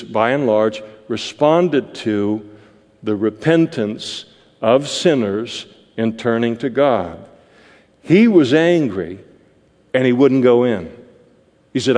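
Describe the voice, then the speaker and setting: Slow-speaking male preacher in a reverberant hall. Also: medium pitch, a little mellow. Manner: conversational, explanatory. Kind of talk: verse-by-verse sermon.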